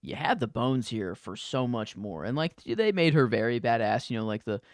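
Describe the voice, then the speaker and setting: A man's voice: mid-range voice, animated, normal speed, dry recording, clean studio sound. A man co-hosting a podcast, chatting casually about a movie in a rambling way, full of "like" and quoted bits of dialogue. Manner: rambling, many likes, acts out quoted lines. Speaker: podcast co-host. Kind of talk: casual movie review chat.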